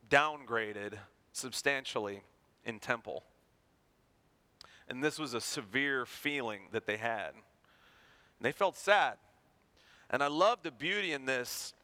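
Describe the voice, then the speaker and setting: A man preaching a sermon, animated and acting out everyday people to make his points. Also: medium pitch. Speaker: pastor.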